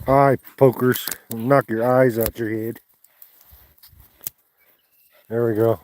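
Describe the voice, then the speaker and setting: A man's voice: medium pitch, little pitch movement, normal speed, few pauses, a little mellow. A man outdoors by the water, playfully coaxing and praising his dog in casual chat. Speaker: dog owner.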